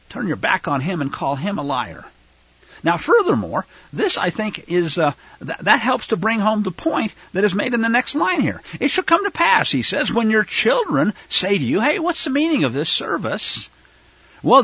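A man's voice: on the high side, bright, forceful tone, breathy edge, no echo, highs cut off. A man preaching a sermon, reading scripture and explaining it, turning fiery when he denounces opponents. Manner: many fillers and restarts when explaining.

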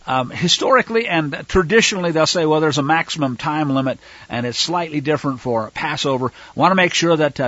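A man's voice: a little high, fairly bright tone, dry recording, highs cut off. A man preaching a sermon, reading scripture and explaining it, turning fiery when he denounces opponents. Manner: many fillers and restarts when explaining.

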